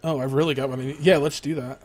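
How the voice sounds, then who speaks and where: A man's voice: mid-range voice, fairly even intonation, fast talker, slight background noise. A young man chatting casually on a game live stream, rambling, laughing often and reading viewers' messages aloud.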